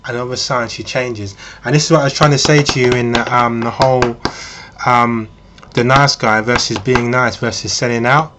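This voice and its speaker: A man's voice: mid-range voice, fairly even intonation, normal speed, noisy background. A man talking in a casual, rambling monologue, speaking to the listener as "you" and using frequent ums. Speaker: vlogger.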